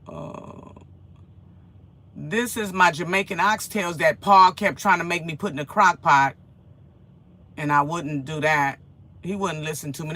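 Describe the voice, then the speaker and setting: A woman, chatting casually to her viewers from her home kitchen and telling a rambling story with lots of repetition. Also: on the low side. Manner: animated, rambling storytelling with repeated phrases. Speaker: vlogger.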